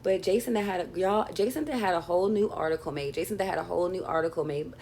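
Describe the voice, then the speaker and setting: A woman's voice: lowish voice, fast, a little mellow, slight background noise. A woman hosting a commentary channel, recapping gossip in a chatty, sassy way full of fillers.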